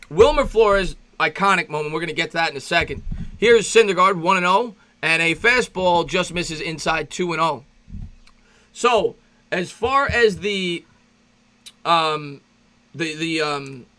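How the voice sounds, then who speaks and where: A man calling a baseball game play by play as a fan host, chatty and rambling, breaking off between pitches to greet viewers and reminisce, his voice jumping up when excited. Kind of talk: amateur play-by-play commentary with reaction.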